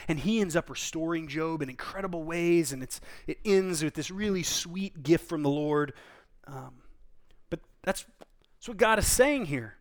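A man's voice: a little high, animated, normal speed. A man, a pastor, preaching a conversational sermon in an earnest, informal way, often restarting and repeating words.

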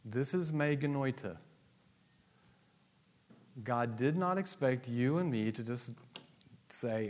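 A male pastor preaching a sermon, swinging between loud emphatic declarations and low asides. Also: takes it slowly, long pauses. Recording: long reverb of a large hall.

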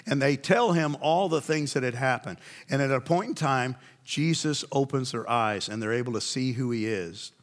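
A man delivering a sermon at a middle pitch. He tells the story in a relaxed, conversational way and keeps asking his listeners questions. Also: moderate pace. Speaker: preacher.

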